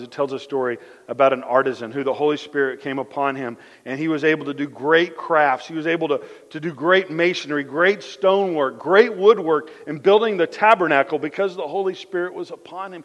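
High-voiced man preaching in an echoing hall. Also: a little fast, hardly any pauses. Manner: lively storytelling, repeats phrases, drops soft for key points. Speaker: pastor. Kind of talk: conversational sermon.

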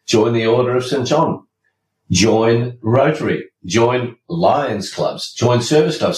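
A man hosting a podcast, delivering a scripted monologue in an emphatic, preachy way and slipping in jokes. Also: mid-range voice. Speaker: podcast host. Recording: roomy, distant from mic, faint ambience.

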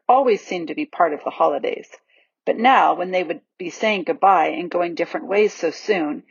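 A woman reading a children's novel aloud in a lively, expressive storybook narration, in a dull, dry recording. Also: on the low side, husky, no echo. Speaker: audiobook reader.

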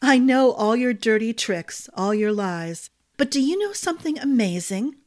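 Audiobook: woman reader as a calm young princess, light and breathless. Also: a little high, normal speed, close to an everyday voice.

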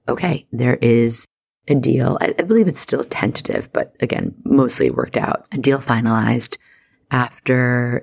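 A woman's voice: extremely low pitch, creaky, a little mellow. A woman hosting an astrology podcast, talking in a bubbly, chatty way full of slang. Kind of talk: casual solo podcast monologue.

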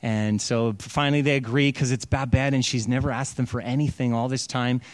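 A man's voice: mid-range voice, steady tone, brisk, dry recording. A man preaching, animatedly retelling a story and acting out its quotes in a casual sermon style. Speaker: pastor.

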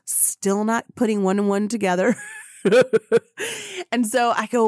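A woman podcast host telling a story in an excitable way, acting out the voices of the people in it. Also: medium pitch, measured pace, no room sound, studio quality. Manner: acts out quoted voices, excitable. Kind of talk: animated storytelling.

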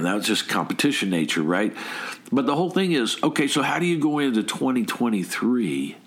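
A man's voice: medium pitch, very animated, a little fast, a bit bright. A middle-aged man giving a motivational talk, emphatic, firing rhetorical questions and often repeating or restarting words. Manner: frequent word repeats and restarts. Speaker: motivational speaker.

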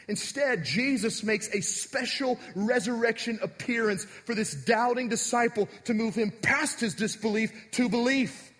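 A man preaching a sermon as pastor, talking directly and conversationally to his congregation. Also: high-pitched. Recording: echoey hall.

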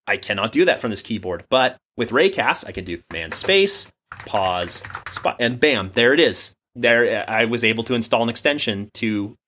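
An American man with a bright, forward voice chats about tech from his home office over a remote call. He is enthusiastic and jokey, rambling through his points as a podcast co-host. His voice sits at an ordinary middle pitch. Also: lively intonation, moderate pace, slight background noise. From United States. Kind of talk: casual tech chat. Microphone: remote call mic.

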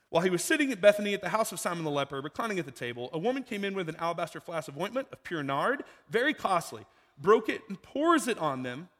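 A pastor preaches in a relaxed, conversational style, stopping to pose rhetorical questions to the congregation. He's pitched a bit above the typical male voice and moves up and down a lot, with long hall reverb trailing each phrase.

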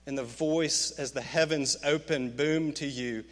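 A man preaching a sermon, swinging from hushed, slow lines to emphatic, rising peaks. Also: fairly even intonation, big-room sound. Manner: emphatic, rising to fervent peaks, dropping low and slow for quoted words. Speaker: pastor.

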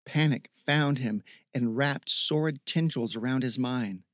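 Man, audiobook narrator, measured reading, mid pitch, dry close sound. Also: no room sound. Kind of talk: scripted narration.

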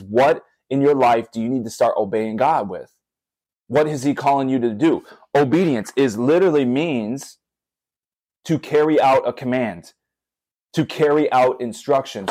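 A father, young adult or middle-aged, preaches earnestly in a podcast sermon, addressing listeners directly and often repeating his points. His mid-range voice is a little mellow, on a dry recording with poor audio.

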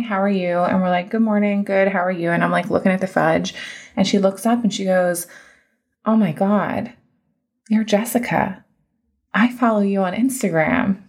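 A woman's voice: on the low side, creaky. A woman in her thirties hosting her own podcast, telling a personal story in a chatty, emphatic, heartfelt way. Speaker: podcast host and coach. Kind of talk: casual storytelling monologue.

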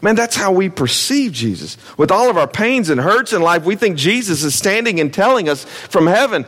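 Male pastor, conversational sermon delivery, dramatic loud-to-hushed swings, reverberant hall. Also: high-pitched, big pitch swings, normal speed, few pauses. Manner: conversational preaching with repeated calls to listen.

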